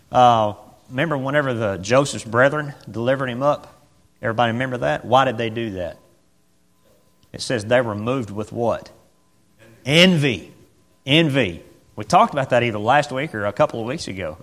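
A man's voice: medium pitch, a bit bright, long reverb tail. Conversational male preacher. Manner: conversational, asks the congregation questions, repeats phrases; reads scripture aloud and acts out the dialogue. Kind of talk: sermon.

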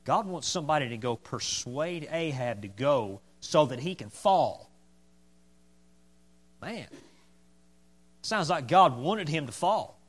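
A man's voice: a little high, lively intonation, takes it slowly, long pauses. A man pastor preaching a sermon emphatically, repeating his points for stress.

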